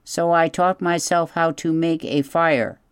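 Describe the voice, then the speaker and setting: A reader voicing a calm, polite female robot who speaks slowly and carefully in an audiobook. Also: mid-range voice, smooth, dry recording, clean studio sound, pitched above the performer's own voice, natural voice. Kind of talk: audiobook character voice.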